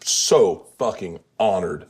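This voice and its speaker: Loud sweary guy hosting a kitchen chat, low voice that swings all over. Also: expressive, takes it slowly, over a noisy crowd. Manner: loud, swearing storyteller who jumps to shouted impressions. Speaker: host. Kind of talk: casual chat. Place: home kitchen.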